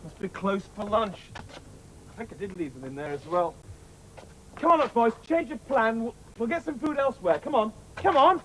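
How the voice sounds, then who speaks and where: A man presenting a children's television show, chatting warmly to his puppets. His delivery is cheerful and coaxing, with lots of rise and fall. The recording is an old TV tape with steady hiss. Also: high-pitched, moderate pace, rough recording. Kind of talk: lively scripted children's TV talk.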